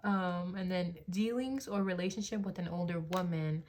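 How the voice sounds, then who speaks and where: Speaking into a phone, a twenty-something tarot reader gives a loose, rambling reading packed with "like" and "you know," now and then putting on gushing voices to quote people. Her voice sits on the low side and is slightly mellow, at a moderate pace, with a little hiss or hum in the background.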